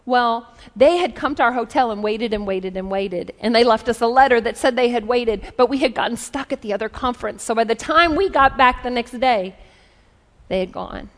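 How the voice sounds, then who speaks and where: Woman, forties, preacher, high voice, chatty storytelling sermon, long hall reverb. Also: normal speed. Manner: conversational, lively storytelling with asides.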